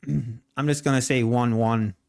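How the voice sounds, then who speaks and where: A man's voice: mid-range voice, steady tone, creaky, darkish tone. A man hosting a casual trading livestream, rambling and correcting himself, then playfully defending his speech to chat. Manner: slow, rambling, self-correcting.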